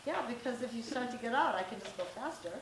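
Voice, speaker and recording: A middle-aged woman with a fairly high voice talks to a room of parents and teens in a direct, conversational way, now and then acting out bits of dialogue. The room is echoey and a faint hiss sits under her voice. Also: lively intonation, fast talker, recorded from a distance. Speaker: parenting workshop presenter. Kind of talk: live presentation to parents and teens.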